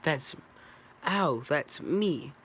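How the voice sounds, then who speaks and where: A man's voice: on the high side, expressive, very slow, a bit bright, a little hiss or hum, pitched above the performer's own voice, heavily acted. A man doing an eager young bee in a raised voice. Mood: excited. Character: excitable young male bee graduate.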